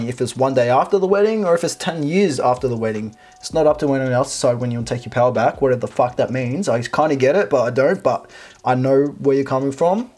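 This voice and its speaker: Husky-voiced male host, blunt and sarcastic post commentary, heavy swearing. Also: mid-range voice, darkish tone. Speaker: video host. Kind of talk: reading and commenting on a reddit post.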